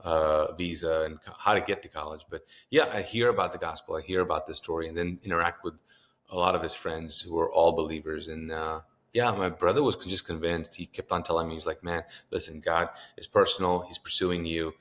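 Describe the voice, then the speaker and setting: A man in his fifties speaks with a notably low voice. He is a pastor talking with a host and tells a personal story in earnest. He slips into the voices of the people he quotes. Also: steady tone, brisk, a bit bright. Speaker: pastor and author, interview guest.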